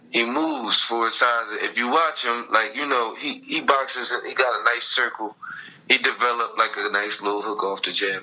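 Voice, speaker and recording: Bright-voiced man talking boxing. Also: on the low side, slight background noise, poor audio. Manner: animated, slangy, emphatic. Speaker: podcast guest, boxing coach. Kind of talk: casual boxing chat.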